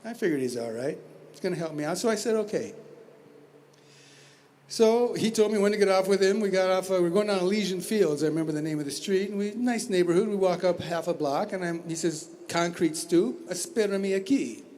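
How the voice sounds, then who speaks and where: A man's voice: sits high, brisk, a little mellow, a little hiss or hum. A man telling a wry, conversational travel story at a talent show, full of asides and restarts. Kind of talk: spoken storytelling. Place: community center stage.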